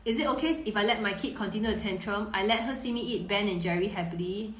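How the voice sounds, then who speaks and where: A woman's voice: medium pitch, fast talker, a bit bright. Woman parenting coach, roomy sound. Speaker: parenting coach answering viewer questions. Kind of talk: live-stream Q&A. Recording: roomy echo.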